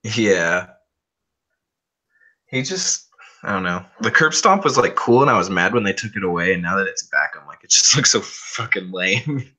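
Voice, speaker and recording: A man's voice: low-pitched, animated, normal speed, bright, forceful tone. A man co-hosting a podcast in loose, profane casual chat, laughing often. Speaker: podcast co-host. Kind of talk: casual chat about wrestling.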